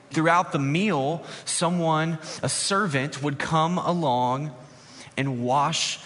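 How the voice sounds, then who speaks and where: A man's voice: fairly high pitch, a bit bright. Conversational male pastor in a reverberant hall. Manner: conversational, with slow dramatic pauses on key words. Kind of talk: sermon. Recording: long reverb in a large hall.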